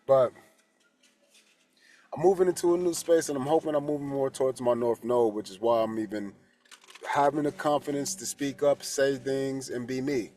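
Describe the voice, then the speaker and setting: A man's voice: medium pitch, fairly even intonation, moderate pace, long pauses, warm tone. A man, a holistic coach and tarot reader, talking casually and candidly, rambling, swearing freely and restarting his sentences. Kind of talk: casual spoken reflection.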